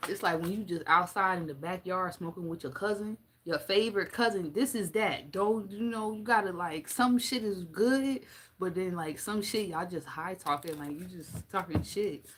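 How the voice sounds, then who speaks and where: A woman's voice: lowish voice, moderate pace, fairly bright tone, a little hiss or hum. A young woman giving a casual tarot reading, blunt and profane, joking and laughing often as she talks. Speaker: tarot reader.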